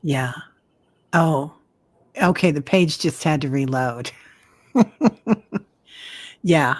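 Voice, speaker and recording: A low-pitched woman hosts a live-streamed healing chat. She talks softly and warmly encourages her guests, with an affectionate manner. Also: very slow. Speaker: host.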